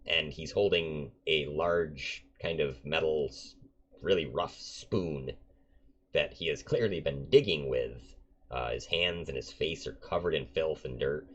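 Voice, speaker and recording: A man narrating a tabletop game as game master, in a relaxed way with many ums and uhs. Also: a bass voice, a little slow. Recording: dull lo-fi recording.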